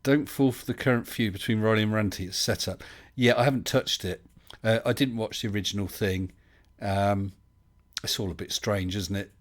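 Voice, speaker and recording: A man's voice: on the low side, fairly even intonation, normal speed. A man, hosting a casual live stream and chatting his way through viewer comments with lots of fillers and restarts.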